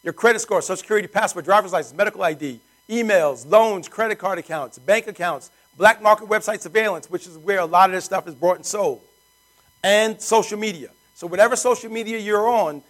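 A man with a high voice pitches to a room of guests with lots of energy. He often turns to the crowd with rhetorical questions. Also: a little fast, a bit bright, low-quality recording. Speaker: sales presenter. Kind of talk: sales pitch to a live audience.

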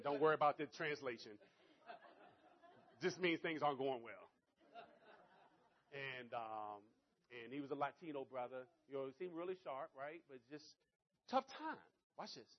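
A man's voice: medium pitch, normal speed, pauses often. A man giving a motivational sales talk to an audience, telling stories animatedly, repeating catchphrases and coaching his listeners directly. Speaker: network marketing speaker. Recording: dull lo-fi recording.

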